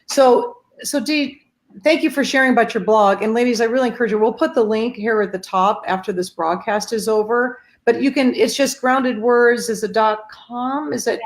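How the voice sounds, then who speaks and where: A woman with a fairly high voice speaks at a normal speed while hosting a faith-based grief support livestream over a video call. She chats casually, warmly greeting viewers by name and using lots of fillers.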